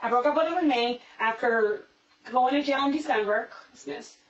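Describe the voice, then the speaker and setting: A woman venting fast and profanely, telling a long story in a police interview room on a hidden camera. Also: on the high side. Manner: rapid, profane, repetitive venting. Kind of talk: casual storytelling. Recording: echoey, distant, muffled hidden-camera audio.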